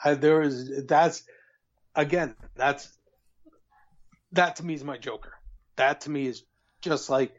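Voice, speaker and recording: A man co-hosting a podcast, chatting casually and profanely about a movie and excitedly acting out scenes. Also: fairly high pitch, a little slow, long pauses, dull audio. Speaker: podcast co-host. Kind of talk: casual movie review chat.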